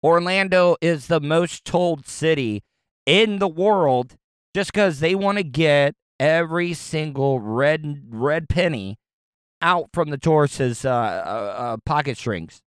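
Rambling, profane man with a smooth voice. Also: fairly high pitch, animated, slow, no echo, clean studio sound. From Florida, US. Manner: rambling, profane, stumbles and repeats words. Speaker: commentator reacting to news clips. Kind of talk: casual ranting commentary.

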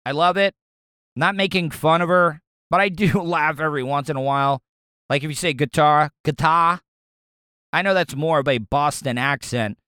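A man with a Southern US accent hosts his own podcast, talking casually and solo in a fairly high, slightly bright, smooth voice at normal speed. He rambles loosely and repeats words, and the dry studio-quality recording has no echo.

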